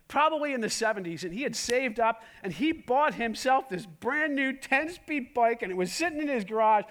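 A male pastor preaching a sermon, emphatic, with many rhetorical questions and swings between loud and hushed. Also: extremely high pitch.

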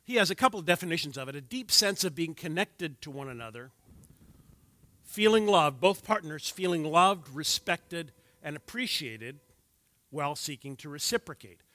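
A man's voice: fairly high pitch, lively intonation, moderate pace, bright, forceful tone, no echo. Wry older man presenting to a class. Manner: wry, joking asides to the audience. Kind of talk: church class talk with slides.

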